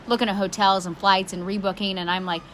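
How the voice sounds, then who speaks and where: A woman in her thirties co-hosting a podcast, telling a story in a chatty, animated way full of "like". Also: medium pitch, fast, a little hiss or hum. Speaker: podcast co-host. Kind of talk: casual storytelling chat.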